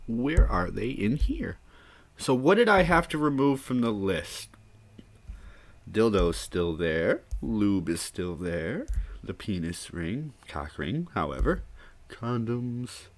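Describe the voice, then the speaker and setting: A man's voice: fairly low pitch, very animated, slow pace. A man in his thirties hosting a livestream, chatting in a rambling way and often laughing. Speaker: streamer host. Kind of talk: casual livestream chat.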